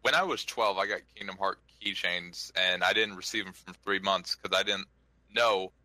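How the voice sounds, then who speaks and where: A man's voice: deep voice, normal speed, sharp tone, no room sound, poor audio. A man co-hosting a comedy podcast, making blunt, mock-hostile quips. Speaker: podcast co-host. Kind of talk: casual comedic banter.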